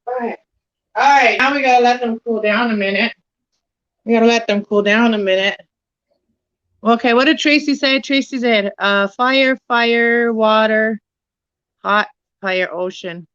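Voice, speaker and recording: A woman's voice: a little high, unhurried, pauses often, a bit bright, lo-fi sound. A woman hosting a casual home livestream, rambling and easily distracted while she bakes in her kitchen. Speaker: livestream host.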